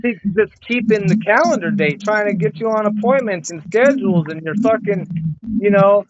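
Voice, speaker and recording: A man talking as a podcast guest in casual chat, halting with many restarts and swearing freely. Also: sits high, crowd noise. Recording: dull lo-fi audio with faint noise.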